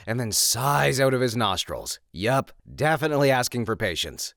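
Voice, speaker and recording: A man reading stories aloud with lively, expressive narration and his own comments between them. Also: medium pitch, moderate pace, hardly any pauses, no echo, clean studio sound. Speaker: story reader.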